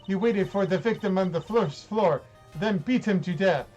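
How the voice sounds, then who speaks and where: A man putting on a proud, harsh young female prosecutor from a video game, her put-on German accent clipped and cold. She scolds imperiously in a high voice, with faint music behind. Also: normal speed, a little mellow, highs cut off, lightly acted. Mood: scornful. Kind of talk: reading game dialogue aloud.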